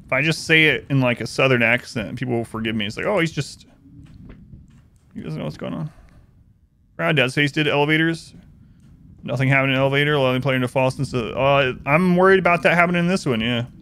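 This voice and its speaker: A man's voice: mid-range voice, fast talker, bright, forceful tone, clear, resonant tone. A man streaming a horror game live, chatting and joking with his viewers as he plays. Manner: chatty, joking, laughs often, talks to chat. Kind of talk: live gameplay commentary.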